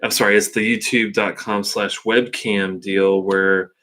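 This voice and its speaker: A man hosting a casual live stream from home, thinking aloud in a halting way with many fillers and restarts, speaking into a webcam. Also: lowish voice, level tone, fairly bright tone. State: hiccups.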